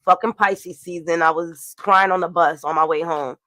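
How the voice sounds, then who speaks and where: A woman's voice: fairly low pitch, steady tone, moderate pace, bright, forceful tone, dry recording. Chatty woman reading tarot, dry close sound. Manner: chatty, swearing, laughing asides. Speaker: tarot reader. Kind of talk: casual astrology and tarot reading.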